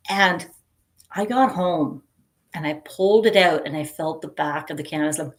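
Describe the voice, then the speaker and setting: A woman's voice: low-pitched, moderate pace. A middle-aged woman hosting a casual livestream, chatting and giggling as she reads viewer comments aloud. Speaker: livestream host. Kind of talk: casual chat with live viewers.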